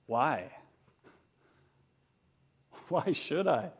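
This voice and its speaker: A man's voice: on the high side, sing-song, very slow, breathy edge, heavily acted. A man putting on a flippant young soldier. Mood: dismissive. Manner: casual, dismissive.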